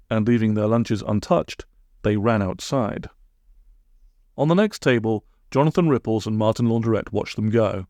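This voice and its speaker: A man reading a comic storybook aloud, with deadpan asides. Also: fairly low pitch, normal speed, no room sound. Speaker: narrator.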